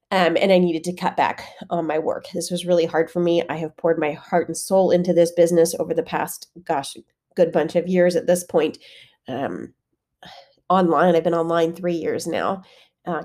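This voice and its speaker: Female fitness coach hosting her podcast, congested and a bit nasal, relaxed and candid. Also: fairly low pitch. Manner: candid, conversational, with frequent fillers. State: congested, head-cold voice. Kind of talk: solo podcast monologue.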